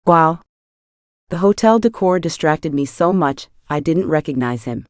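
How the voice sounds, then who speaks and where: A woman's voice: low voice, animated, a little slow, a little mellow, no echo. A woman voicing Alfredo, a wry middle-aged male historian in an audiobook, who speaks with dry humor. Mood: surprised.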